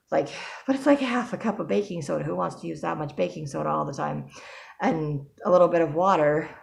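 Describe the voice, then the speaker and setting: A young adult woman chats casually to her viewers in a personal vlog. Her voice sits low for a woman, and she rambles along with ums and self-corrections. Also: creaky. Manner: chatty, rambling, frequent ums and restarts. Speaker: vlogger.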